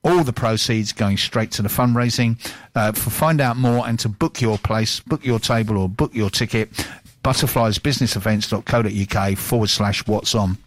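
A man's voice: lowish voice, normal speed. A man presenting on local radio, chatting casually and reading out event listings in an upbeat way.

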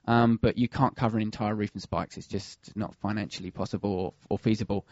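A man's voice: lowish voice, steady tone, brisk, darkish tone, dry recording, highs cut off. A man who works as a bird of prey pest controller, talking casually and hesitantly with many fillers and restarts. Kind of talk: casual radio chat.

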